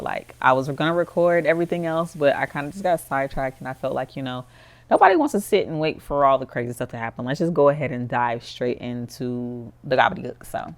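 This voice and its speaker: A woman narrating a life-sim game in casual commentary. She tells the story in a chatty, rambling style, with "like" filling her sentences. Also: rumbling low. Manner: chatty storytelling, heavy use of "like". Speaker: gameplay commentator.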